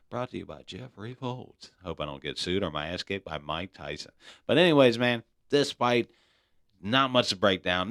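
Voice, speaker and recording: With a low, fairly bright voice, this podcast host talks bluntly and profanely, throwing in "man" again and again. The recording is studio quality, with no room sound, and the show has a casual feel.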